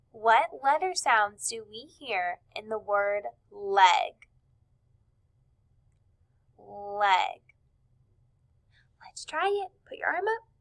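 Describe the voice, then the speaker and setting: A woman teacher leading a recorded reading lesson, sounding out words slowly and clearly in an encouraging, upbeat tone. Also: on the high side, poor audio.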